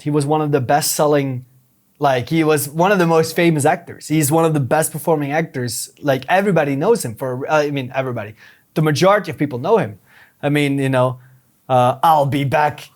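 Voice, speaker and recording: Young man, non-native English accent, earnest podcast guest, slightly high voice, frequent restarts. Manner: earnest, explains step by step with many restarts. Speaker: podcast guest, YouTube strategist. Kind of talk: casual advice talk.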